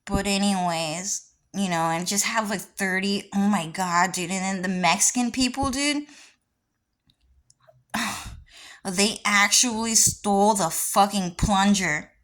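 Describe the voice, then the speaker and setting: A woman's voice: medium pitch, slow, a bit bright. A woman vlogger talking in a casual, rambling monologue with many restarts and frequent swearing.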